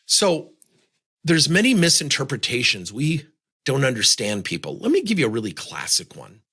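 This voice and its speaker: A man's voice: mid-range voice, huge pitch swings, moderate pace, pushed and bright, breathy edge. A man giving a motivational talk on communication, leaning on many rhetorical questions. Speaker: speaker on communication.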